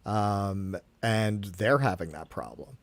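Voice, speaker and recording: A man from New York co-hosting a casual political chat stream, talking in an animated, indignant way with lots of swearing. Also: on the low side, slow pace, no echo. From New York, Queens. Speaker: co-host.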